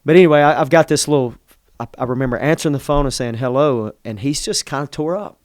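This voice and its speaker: A man's voice: fairly high pitch, fast, no echo, clean studio sound. A middle-aged pastor tells a personal story in conversation, earnest and emotional, often restarting his sentences. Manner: earnest, emotional, self-interrupting.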